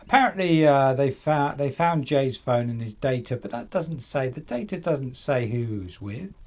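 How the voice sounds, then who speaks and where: A man's voice: medium pitch, animated, normal speed, darkish tone. A man hosting a true crime channel, chatting casually and asking pointed rhetorical questions to people he talks about.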